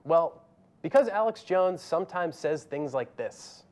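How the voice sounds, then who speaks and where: A man's voice: a little high, lively intonation, a little slow, a little mellow. A man hosting a satirical news show in a studio, delivering commentary with dry, sarcastic asides.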